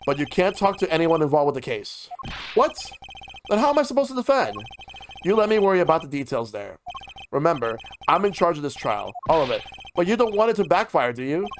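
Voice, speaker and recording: Male streamer, slightly high voice, reads game dialogue aloud with voices; faint music behind. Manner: voices each character, drops into casual asides.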